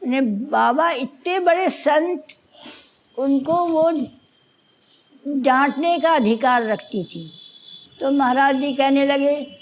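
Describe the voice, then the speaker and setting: Quick, high-voiced woman telling a story. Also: muffled recording. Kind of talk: anecdotal storytelling.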